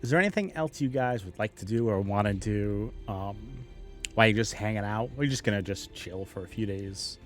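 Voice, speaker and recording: A man's voice: fairly low pitch, fairly quick, soft background music. A man narrating a tabletop game as game master, laid-back and joking with the players.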